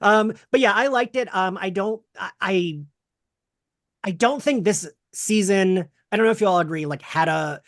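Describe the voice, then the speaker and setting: A man hosting a casual podcast chat, talking in a rambling, animated way with lots of fillers. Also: high voice, normal speed, no room sound, studio quality. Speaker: podcast host.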